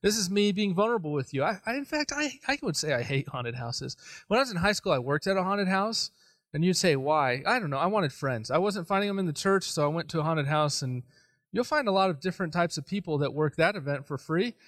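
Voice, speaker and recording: A man preaching a sermon, telling a personal story in an animated, self-deprecating way. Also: high-pitched, quick pace, no room sound. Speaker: pastor.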